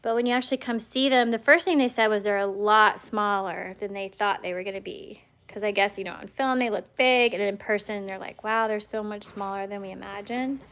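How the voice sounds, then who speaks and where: A woman's voice: mid-range voice, fairly quick, hardly any pauses, fairly bright tone. A woman dog breeder hosting a casual livestream from her home, chatting in a rambling way with fillers and restarts, and now and then cooing baby talk at her dogs. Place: at home with a litter of puppies.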